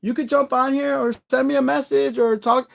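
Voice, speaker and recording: A man chatting casually on a live stream, rambling and greeting viewers by name, warm-hearted and encouraging. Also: very high voice, level tone, normal speed, creaky.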